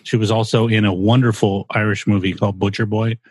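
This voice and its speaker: A man's voice: on the low side, level tone, brisk, darkish tone, no echo. A man co-hosting a podcast, talking in an opinionated, rambling casual way with some swearing. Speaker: podcast co-host. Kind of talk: casual chat.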